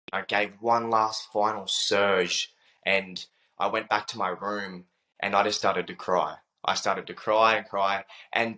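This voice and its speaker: Young man, interview guest, reflective storytelling, earnest, low pitch. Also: pushed and bright, low-quality recording. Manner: earnest, repeats himself, many "like" fillers.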